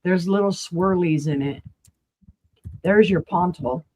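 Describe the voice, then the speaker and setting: A woman's voice: lowish voice, slow pace, a little mellow. A woman from New Mexico with a New Mexico accent, chatting casually as a guest seller on a live auction stream and describing glassware in close detail. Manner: chatty, folksy, describes items closely to viewers. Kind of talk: casual live-sale chat.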